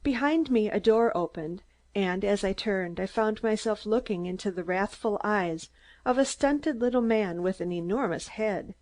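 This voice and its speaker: Female audiobook narrator, measured scripted storytelling. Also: medium pitch, darkish tone.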